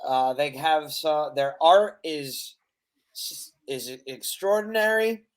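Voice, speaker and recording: Podcast co-host, mid-pitched voice, rambling and stumbling. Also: takes it slowly. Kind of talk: casual chat.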